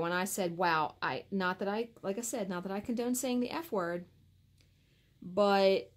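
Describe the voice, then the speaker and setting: A woman's voice: medium pitch, moderate pace. Exasperated woman telling a story. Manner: animated, exasperated retelling with acted-out quotes. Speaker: cross stitch vlogger. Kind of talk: casual storytelling to camera.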